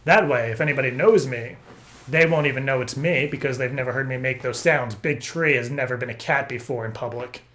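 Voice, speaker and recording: A man making a prank phone call, rambling and stammering through deadpan absurd stories. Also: medium pitch, brisk, slight background noise. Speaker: prank caller.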